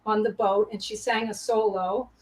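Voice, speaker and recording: A woman's voice: mid-range voice, fairly even intonation, moderate pace, darkish tone, low-quality recording. A woman, a former Broadway performer, telling stage anecdotes over a video call and laughing often. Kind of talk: casual storytelling interview.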